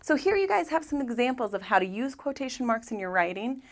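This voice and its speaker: A woman's voice: a little high, expressive, fast talker. A woman teaching an English grammar lesson, patiently walking through examples step by step and asking rhetorical questions.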